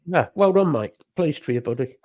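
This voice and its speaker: Male co-host, casual banter, blunt and matey, mid pitch. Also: expressive, a little fast, narrow, tinny audio, crowd noise. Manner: blunt, banter-heavy, calls people mate. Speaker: live stream co-host. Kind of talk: casual chat.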